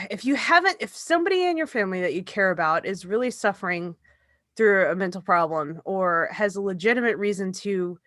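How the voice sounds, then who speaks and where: A woman's voice: medium pitch, a little fast, fairly bright tone, no echo. A young adult woman co-hosting a podcast, telling a story in casual chat and acting out the quotes with lots of swearing. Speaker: podcast co-host.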